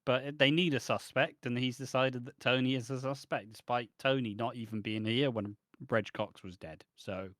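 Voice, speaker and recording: A man at a middle pitch, talking loosely and cursing as he riffs with a co-host. His voice sits dry and close to the mic, with no room around it. He laughs often and breaks into mock voices. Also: steady tone, normal speed, hardly any pauses, fairly bright tone, no echo. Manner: rambling, sweary, laughs often, slips into mocking quoted voices. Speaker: podcast co-host. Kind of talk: casual chat reviewing a soap opera.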